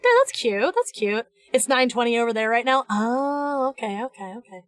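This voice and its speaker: An American young woman chats playfully on a live stream as she draws, rambling, restarting, and tossing in teasing asides. She sounds animated and fairly high, at a moderate pace, with no room sound.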